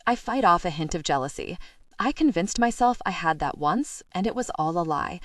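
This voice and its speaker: Woman reading a romance audiobook, kinda low voice, dry close mic, wry tone. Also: lively intonation, normal speed, dry recording. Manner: wry, self-deprecating first-person telling. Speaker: audiobook narrator. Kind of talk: first-person romance audiobook narration.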